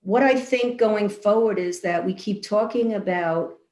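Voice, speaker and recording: A woman's voice: mid-range voice, a little mellow. Thoughtful woman guest in an echoey room. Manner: thoughtful, measured, builds long lists. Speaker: guest leader. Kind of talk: conversational interview answers.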